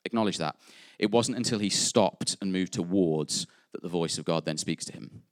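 A man's voice: low voice, normal speed, no room sound, studio quality. A man preaching a conversational sermon in church, reading scripture aloud with fillers, asides and little jokes. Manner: conversational, jokey, self-interrupting with fillers.

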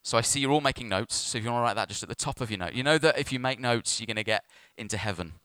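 A man's voice: mid-range voice, rapid-fire, pushed and bright, no room sound. A man, a pastor preaching a sermon in church and telling a story with self-mocking humour.

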